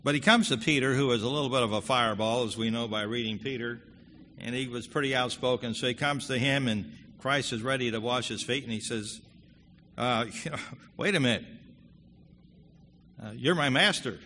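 Bright-voiced man preaching in a reverberant hall. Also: medium pitch, fairly even intonation, fairly quick. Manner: earnest preaching, rising loud when quoting scripture. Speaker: pastor. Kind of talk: sermon. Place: church hall. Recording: long hall reverb with faint room noise.

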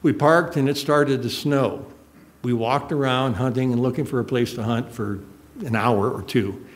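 A man's voice: medium pitch, normal speed. An older man preaching a sermon, telling a personal story in an earnest, emotional way. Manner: emotional, earnest, choked up at moments.

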